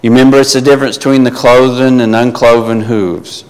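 A man teaches through scripture in a mid-range voice that sits neither high nor low. He talks casually and haltingly, circling back with fillers and restarts. The sound rings with a long reverb from a large room. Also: little pitch movement, clear, resonant tone. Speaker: preacher. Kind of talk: Bible teaching sermon.

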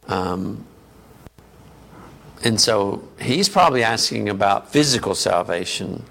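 A man's voice: lowish voice, lively intonation, slow, vocal fry, fairly bright tone. A man preaching a sermon in a conversational teaching manner, often asking the congregation questions.

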